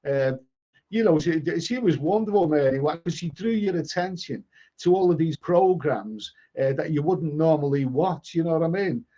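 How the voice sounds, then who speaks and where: A man's voice: on the high side, lively intonation, moderate pace, warm tone. A middle-aged man with a Liverpool accent hosting a live stream, chatting casually and reading viewer comments, often stammering and repeating words. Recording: dull lo-fi stream audio.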